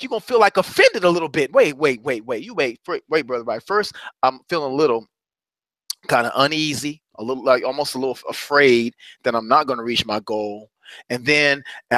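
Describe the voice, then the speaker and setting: A middle-aged man delivers a motivational talk, repeating phrases like a preacher and building passion as he goes. His voice is somewhat high and bright with a forceful edge, recorded dry and close. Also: no echo. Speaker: motivational coach.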